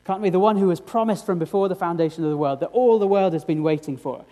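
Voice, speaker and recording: A man's voice: high voice, fast, mellow. A man preaching a sermon, earnest and direct, often asking his congregation rhetorical questions.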